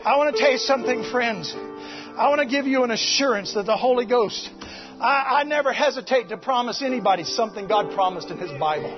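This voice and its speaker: A fervent preacher man with a very high, ringing voice urges his congregation on, often breaking into shouts. Music plays loudly behind him in a muffled, dull-sounding recording. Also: lively intonation, fairly quick. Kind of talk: Pentecostal-style sermon. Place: church service.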